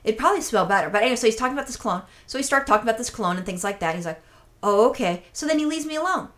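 A woman casually telling a long, animated story on a chat show, acting out the voices of people she met and swearing freely. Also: fairly high pitch, very fast. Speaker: podcast co-host telling a story.

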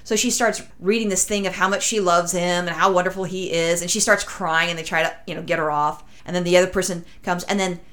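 On a casual podcast, a woman with a fairly low voice races through a long, rambling story with hardly any pauses. Her telling is animated, full of acted-out quotes from others.

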